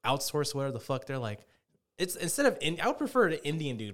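Fast-talking, profane young man ranting. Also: fairly high pitch, sing-song. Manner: profane, ranting storyteller, puts on voices. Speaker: podcast host. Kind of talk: casual chat.

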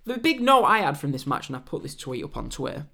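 A man hosting a wrestling podcast, giving blunt opinions with swearing and mocking loud shouts. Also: on the high side, very animated, fast talker, creaky. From England. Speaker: podcast host.

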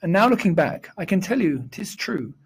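A man reciting a rhyming children's poem in a measured, sing-song storytelling delivery. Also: high voice, very animated, creaky, slightly rough.

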